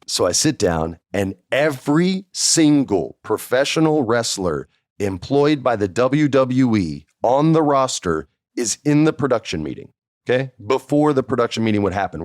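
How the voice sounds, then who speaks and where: Deep-voiced man telling a casual story. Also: lively intonation, moderate pace, a little mellow, no echo, studio quality. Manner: chatty, acts out quoted dialogue. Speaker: podcast host. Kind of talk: casual first-person storytelling.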